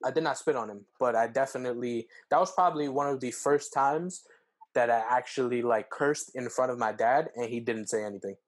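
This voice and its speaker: A young man, co-hosting a podcast, telling a story casually with lots of fillers and jumping up in pitch when acting out quotes. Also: a little fast. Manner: animated, acts out quotes with pitch jumps, heavy fillers. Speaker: podcast co-host.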